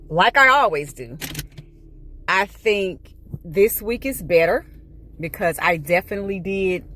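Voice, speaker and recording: A woman's voice: medium pitch, slight background noise. A woman vlogging in a casual, rambling chat, talking while she eats and admitting she is anxious. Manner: rambling, animated, talks while eating; rambling and animated.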